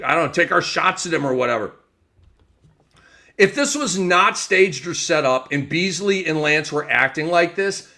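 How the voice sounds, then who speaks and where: Male sports host in his forties, emphatic ranting delivery, bright and a touch high. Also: vocal fry. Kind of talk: sports commentary rant.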